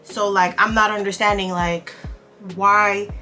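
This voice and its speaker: Bright-voiced woman telling an exasperated story. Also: mid-range voice, unhurried, soft background music. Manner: animated, exasperated retelling. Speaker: beauty vlogger. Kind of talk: casual storytime while doing makeup.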